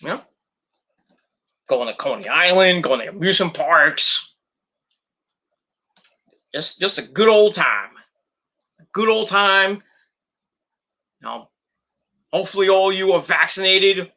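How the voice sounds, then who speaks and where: Lively, bright-voiced male podcast ranter. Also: high voice, slow pace, long pauses. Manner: blunt and profane, with frequent fillers. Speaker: podcast host. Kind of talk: casual ranting monologue. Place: at home at night, indoors.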